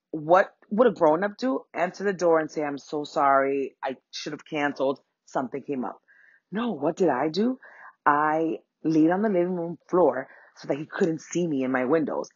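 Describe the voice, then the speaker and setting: Low, husky young woman; comic storyteller, profane, animated; dry, slightly dull recording. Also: no echo. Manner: animated, profane, acts out quoted voices.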